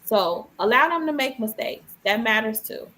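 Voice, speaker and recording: A woman's voice: a little high, expressive, normal speed, pushed and bright, slight background noise, low-quality recording. A woman co-hosting a casual podcast chat, speaking emphatically and with conviction. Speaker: podcast co-host.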